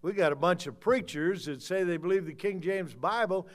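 An older man preaching a fiery sermon, swinging from low muttering to loud shouts. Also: normal speed. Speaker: pastor.

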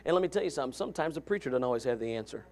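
A man's voice: mid-range voice, expressive, racing, darkish tone. A middle-aged man preaching a sermon, emphatic and impassioned, with joking asides.

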